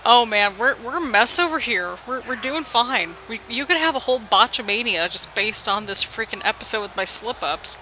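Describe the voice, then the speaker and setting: A woman's voice: on the high side, expressive, normal speed, hardly any pauses, pushed and bright, a little hiss or hum, low-quality recording. A woman casually commenting play-by-play over a video game at home, rambling and poking fun at her own slip-ups. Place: home apartment.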